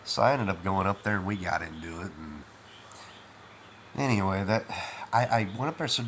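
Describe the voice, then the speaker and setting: A man's voice: deep voice, normal speed, fairly bright tone, a little hiss or hum. A middle-aged man, half asleep, rambling through a first-person story with lots of fillers. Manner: rambling, with many fillers like "you know" and "man".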